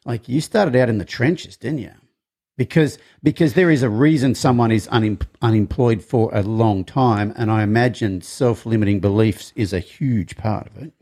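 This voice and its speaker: A man hosting an interview who asks casual, halting questions and sometimes reads from a guest's website. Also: mid-range voice, warm tone. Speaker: interview host.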